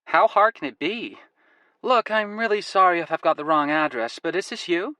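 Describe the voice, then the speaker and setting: A man's voice: moderate pace, pushed and bright, dry recording. A man voicing a persistent, friendly young woman with an American accent, in a breezy, coaxing manner. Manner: breezy, coaxing, lifted pitch.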